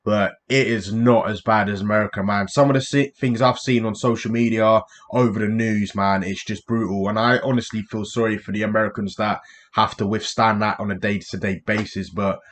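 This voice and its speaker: A British man from the United Kingdom hosts a reaction video, chatting casually and bluntly and often calling his viewers "man." His voice is fairly low with fairly even intonation, and he talks a little fast.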